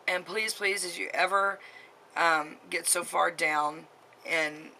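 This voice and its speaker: A woman's voice: on the low side, steady tone, takes it slowly, sharp tone, slight background noise, low-quality recording. A woman in her late thirties giving heartfelt, rambling advice straight to camera, full of fillers and repeats. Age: 30s. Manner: earnest, rambling, full of "you know" and "um". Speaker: vlogger giving advice to teen girls.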